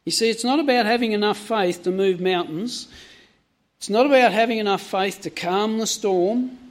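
A man's voice: sits high, normal speed. A man preaching a sermon, asking his listeners many direct questions.

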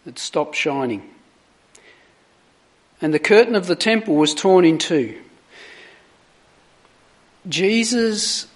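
A man preaching a sermon, reading scripture aloud with dramatic emphasis on the quoted words before reflecting on them. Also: fairly high pitch. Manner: slow, deliberate, dramatic emphasis on quoted lines.

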